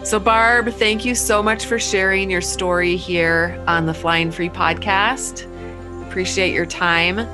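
A woman's voice: lowish voice, fairly even intonation, unhurried, over music. A woman hosting a podcast, closing out an episode in an upbeat, chatty way and carefully spelling out web addresses. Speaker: podcast host. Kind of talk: casual podcast wrap-up.

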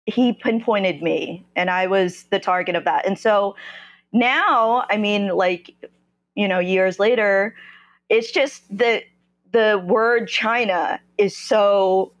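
Halting woman guest from New Jersey. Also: medium pitch, lo-fi sound. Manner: halting, searching for words, often restarting. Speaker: podcast guest. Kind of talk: candid personal storytelling in an interview.

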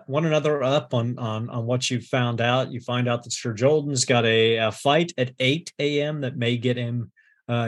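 A man narrating a tabletop game as game master, often pausing with fillers and restarts. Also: mid-range voice. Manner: hesitant, many fillers and restarts.

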